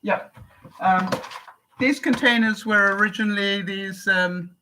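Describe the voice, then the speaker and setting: An older woman from Canada chatting casually on a live stream, answering viewer comments in a chatty, relaxed way. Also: medium pitch, measured pace, slight background noise, low-quality recording. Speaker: vlogger.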